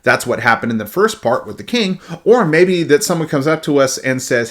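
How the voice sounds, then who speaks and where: A man giving a devotional Bible talk in an animated way, often repeating words as he starts a thought. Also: fairly high pitch, moderate pace, few pauses. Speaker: Bible teacher.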